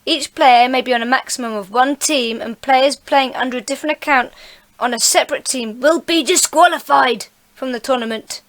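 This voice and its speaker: Podcast host: a woman, fairly high voice, chatty and giggly, reading through community news. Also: normal speed. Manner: giggly, chatty, reads out details. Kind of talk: casual podcast chat.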